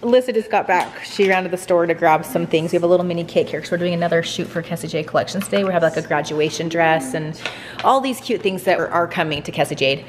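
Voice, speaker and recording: A woman's voice: fairly low pitch, slight background noise. A woman in her forties, a mother, chatting casually and upbeat as she films a family vlog at home on a phone. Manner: chatty, upbeat, fast asides.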